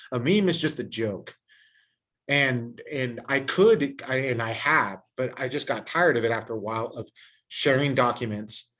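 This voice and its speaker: A man hosting a podcast in casual chat, ranting with heavy swearing and animated emphasis. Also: mid-range voice. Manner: heavily profane, ranting and animated. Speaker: podcast host.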